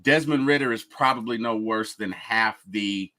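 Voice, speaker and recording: A man's voice: on the low side, normal speed, sharp tone. A man co-hosting a casual sports podcast, joking and stammering when put on the spot. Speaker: podcast co-host.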